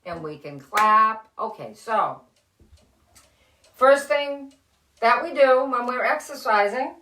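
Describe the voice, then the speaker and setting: A middle-aged woman hosting a children's reading show, speaking gently and encouragingly to young kids as she reads a story and leads simple exercises. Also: fairly high pitch, expressive, slow, reverberant, a little hiss or hum. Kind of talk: reading aloud and leading kids' activities. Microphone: live-stream camera.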